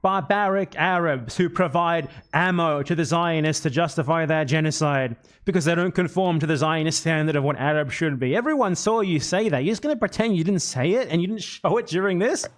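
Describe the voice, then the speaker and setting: A man with a high voice who argues hotly and keeps hammering his accusations. He curses as he presses each point. The tone is confrontational throughout. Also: a little fast, hardly any pauses. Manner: heated, accusatory, cursing. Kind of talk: heated online argument.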